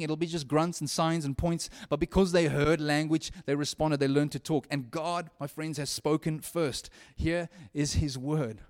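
The man's sermon is earnest and chatty, full of restarted phrases and jumps from soft lines to loud ones, in a voice on the high side.

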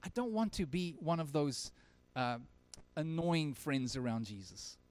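A man's voice: on the high side, very animated, a little slow. Earnest pastor, man with a raised voice. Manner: earnest, swinging from emphatic to very quiet. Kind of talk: sermon. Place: church service.

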